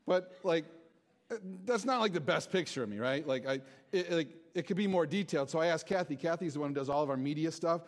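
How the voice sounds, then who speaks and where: A man's voice: a little high, brisk. A man giving a casual, joking sermon to a congregation in a church, chatty and self-deprecating. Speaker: pastor. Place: church hall before a congregation.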